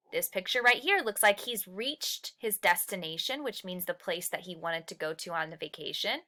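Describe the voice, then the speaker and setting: A woman's voice: medium pitch, pushed and bright. A woman teacher walking young students through worksheet pages, patiently explaining step by step and asking questions as she goes. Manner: stretches and slows key words for emphasis. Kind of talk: recorded lesson walkthrough.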